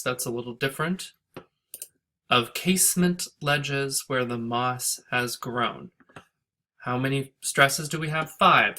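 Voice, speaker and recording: A man's voice: medium pitch, sharp tone. A man teaching a class, talking through a screen-recorded lecture and thinking aloud as he goes, with fillers and self-corrections.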